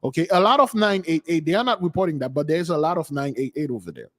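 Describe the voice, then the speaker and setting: A man's voice: on the high side, animated, quick pace, a bit bright. A man hosting a channel, delivering an impassioned, preachy rant as livestream commentary. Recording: long hall reverb.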